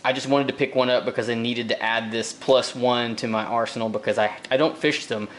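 A man at a middle pitch talks casually through an unboxing. He rambles along with plenty of fillers and repeated words, relaxed and unhurried. A faint noise sits behind him. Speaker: fishing vlogger. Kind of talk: casual tackle unboxing talk.

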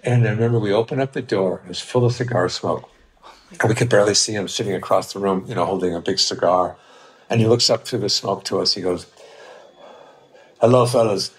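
A man's voice: fairly low pitch, quick pace. An older man, a guest comedian, telling anecdotes in a podcast interview over a video call, with many fillers.

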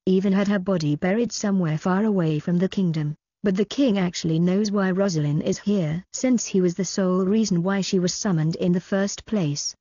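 A woman narrating an audiobook in an even, flat reading that even reads out edit notes. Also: lowish voice, husky, no echo. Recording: dull lo-fi audio.

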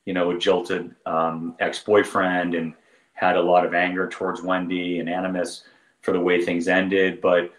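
A man giving legal commentary as a panel guest, halting and repeating words as he reasons through a point. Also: low-pitched, completely flat delivery, reverberant, low-quality recording.

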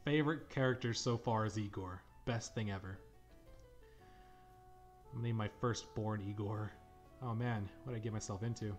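A man's voice: lowish voice, normal speed, pauses often, faint music behind. A young man giving sarcastic, profane, jokey commentary while playing a video game. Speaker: let's play commentator. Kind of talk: casual gameplay commentary.

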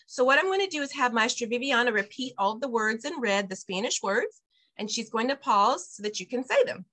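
A woman leads an online Spanish lesson for parents, her voice bright and a little high. She explains things patiently and says each phrase slowly so listeners can copy it. It sounds like a video call. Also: lively intonation. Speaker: bilingual preschool director teaching parents.

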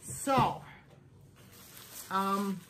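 A woman's voice: medium pitch, drawn-out words, a bit bright, a little hiss or hum, poor audio. A woman chatting at home in a casual haul video, gushing over each thing she unpacks. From United States. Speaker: thrift vlogger.

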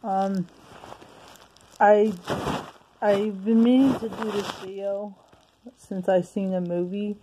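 A woman's voice: mid-range voice, steady tone, slow pace, pauses often, noisy background. A woman reviewing a movie in a casual home video, talking hesitantly with many restarts and sounding out of breath.

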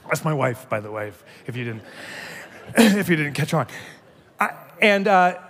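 A man giving a keynote speech, telling jokey stories in an animated way. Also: medium pitch. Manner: animated, joking storyteller. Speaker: keynote speaker. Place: large conference hall. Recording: long hall reverb.

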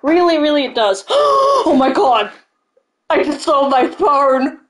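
A woman streaming a game live, talking to her viewers in a high, bouncy voice. She chats casually and gushes with excitement, her pitch swinging all over. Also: a little slow, poor audio. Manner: gushing, excitable, thanks followers. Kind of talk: casual live-stream chat while playing.

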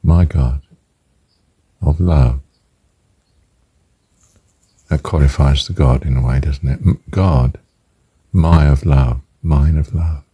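A man with an extremely low, dark voice that is husky and breathy throughout. He muses over a spiritual idea in an unhurried, ponderous way, repeating phrases as he turns them over. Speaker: speaker reflecting on a spiritual phrase. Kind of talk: musing spiritual talk.

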